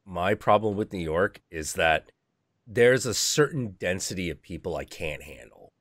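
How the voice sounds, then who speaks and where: A man's voice: deep voice, lively intonation, normal speed, fairly bright tone, dry recording, clean studio sound. A young man hosting a stream, ranting in casual chat with lots of profanity and mock voices for other people. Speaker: stream host.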